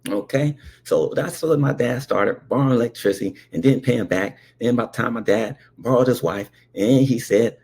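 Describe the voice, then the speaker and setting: A man's voice: medium pitch, normal speed, gravelly, hardly any pauses, a little mellow, slightly rough. A man telling a comic childhood story, with frequent asides like okay and all right. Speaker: comedian.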